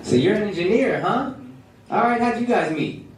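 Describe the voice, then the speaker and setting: A male stand-up comedian doing brash, profane crowd work on a comedy club stage, swinging from teasing to shouted mock outrage. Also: high voice, expressive, normal speed, music in the background. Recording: roomy club sound with loud crowd laughter. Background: crowd laughter.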